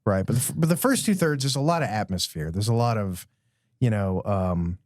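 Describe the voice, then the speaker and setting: Man, podcast co-host, casual film chat, chuckling, bouncy pitch. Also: animated, a little fast, a little mellow, no echo, clean studio sound. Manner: chuckling, rambling movie trivia.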